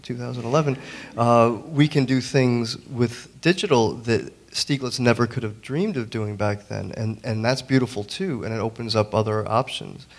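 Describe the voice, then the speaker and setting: A man on a museum panel, a digital printmaker telling a story in an earnest, halting way with many restarts. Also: medium pitch, gravelly. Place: museum auditorium.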